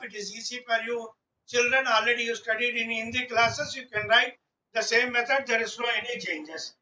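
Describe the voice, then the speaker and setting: A man's voice: extremely high pitch, bright, forceful tone, distant mic, dull audio. A male teacher, giving an online class lesson and patiently sounding out letters one by one.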